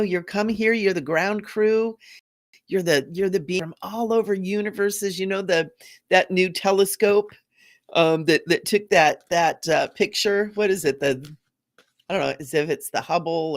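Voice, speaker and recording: A woman's voice: fairly low pitch, normal speed, no room sound, clean studio sound. A woman hosting a casual spiritual livestream chat, bubbly, laughing often and repeating phrases for emphasis. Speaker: spiritual talk show host.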